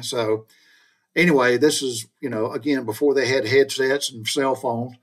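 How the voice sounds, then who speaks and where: A man's voice: on the high side, animated, moderate pace, a bit bright, slightly rough. A middle-aged man from the United States telling a personal story in a folksy, colloquial way, addressing listeners directly. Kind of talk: casual spoken storytelling.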